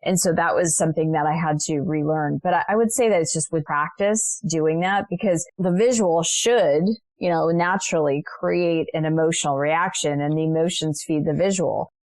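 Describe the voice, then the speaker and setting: A woman's voice: deep voice, moderate pace, hardly any pauses, a little mellow, no echo. A middle-aged woman, a coach as podcast guest, telling stories in an earnest, reflective way. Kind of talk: podcast interview.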